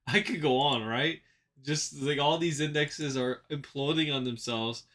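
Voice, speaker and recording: A man's voice: on the high side, a little slow, a bit bright. A man hosting a trading channel, talking casually through chart analysis with lots of fillers and repeated phrases. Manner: rambling, repeats himself, many fillers. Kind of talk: casual market analysis commentary.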